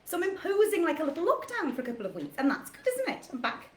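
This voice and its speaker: A woman's voice: very high voice, huge pitch swings, fast talker, slight background noise. A woman hosting an online cabaret from home, chatting in a giggly, self-mocking, camp way and laughing at her own jokes. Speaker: cabaret host. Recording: roomy echo with piano music behind.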